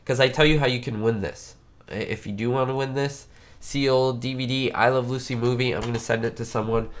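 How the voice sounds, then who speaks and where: Nasal and stuffed up from a cold, this male YouTube host chats on a live stream through a webcam setup, rambling and leaning on fillers. His mid-range voice holds a steady tone and moves fairly quickly.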